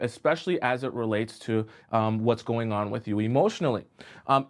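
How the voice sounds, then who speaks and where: A man coaching women on relationships in a live-stream talk, explaining slowly with repeated examples and checking whether listeners follow him. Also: medium pitch. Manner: keeps checking in with listeners, asking if they follow.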